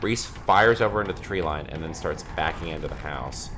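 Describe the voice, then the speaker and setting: A man's voice: a bass voice, a little fast, a bit bright, a little hiss or hum. A man casually reading a creepy story aloud to friends during a game, swearing freely and laughing between lines. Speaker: let's play commentator.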